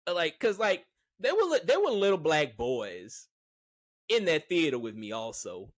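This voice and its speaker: Male reviewer, rambling and frank, somewhat high voice with lively ups and downs, dry sound. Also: normal speed, no room sound. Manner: rambling, filler-heavy, frank. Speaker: movie reviewer. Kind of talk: casual opinion monologue.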